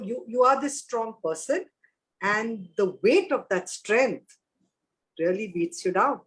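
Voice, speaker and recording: A woman's voice: fairly high pitch, rough recording. A woman in her fifties as an interview guest, speaking frankly and reflectively and repeating phrases for emphasis. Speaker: guest, actor and mother. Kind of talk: candid interview conversation.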